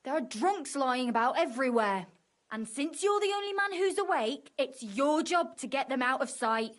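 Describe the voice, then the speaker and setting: Bossy tavern keeper, high voice, brisk, scolding, orders people about, game character. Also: female voice, lively intonation. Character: bossy woman running a tavern, impatient and practical.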